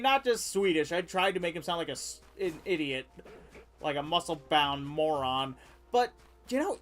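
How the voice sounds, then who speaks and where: A game streamer chatting casually while playing, rambling and laughing, often cutting off mid-word. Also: medium pitch. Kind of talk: casual gameplay chat.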